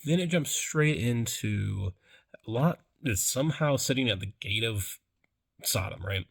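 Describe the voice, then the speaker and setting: A young man retells a story casually, with a lot of slang and swearing. His pitch jumps around in a lively way as he slips in and out of character voices. His voice sits at an average height. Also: a little slow, gravelly. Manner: slangy and profane, acts out characters. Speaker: video host.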